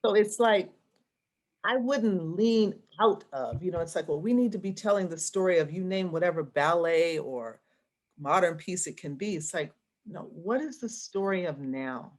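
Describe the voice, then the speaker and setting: A woman's voice: lowish voice, animated, moderate pace. Reflective woman thinking aloud. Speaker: arts association president, guest. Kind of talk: conversational interview.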